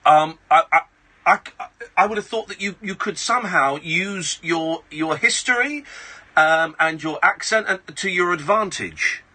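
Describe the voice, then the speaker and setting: A man's voice: sits high, measured pace, bright, forceful tone. A man hosting a late-night radio phone-in, blunt and rambling with many restarts. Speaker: radio host. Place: radio studio. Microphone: studio microphone.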